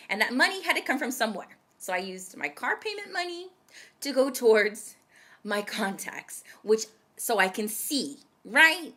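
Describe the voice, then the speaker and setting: Animated, bright-voiced young woman storyteller. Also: a little high, normal speed. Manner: animated, dramatic storytelling that addresses viewers directly. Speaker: vlogger. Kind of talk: casual storytelling to camera.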